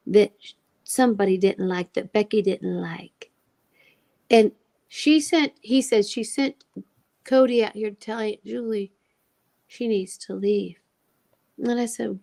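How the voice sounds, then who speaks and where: A woman's voice: mid-range voice, vocal fry. A woman telling an emotional personal story as a guest, acting out the voices of the people she quotes. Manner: animated, acts out quoted dialogue.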